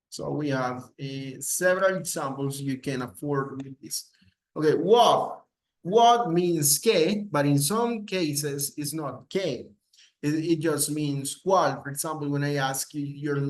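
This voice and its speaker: Slow, repetitive male teacher. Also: on the high side, rough recording. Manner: slow, repeats each example several times, switches between English and Spanish. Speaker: English teacher. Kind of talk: bilingual grammar lesson.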